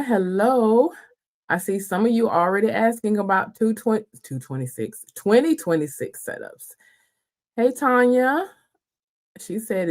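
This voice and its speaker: A woman hosting a live stream, chatting casually and greeting viewers by name, folksy and quick to laugh. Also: fairly high pitch, a little mellow. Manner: chatty, folksy, laughs easily, calls viewers girl and honey. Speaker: livestream host.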